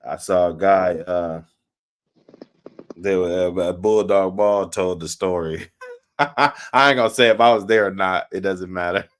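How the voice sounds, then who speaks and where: A man's voice: low-pitched, measured pace. A man hosting a live stream, telling stories in a casual, slangy way, laughing often and cursing freely. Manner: acts out quoted people in a raised voice. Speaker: host.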